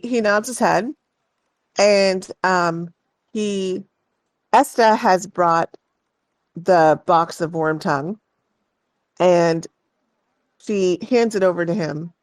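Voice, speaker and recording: A woman narrating as game master of a tabletop game, unhurried and halting with restarts. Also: fairly low pitch, no room sound.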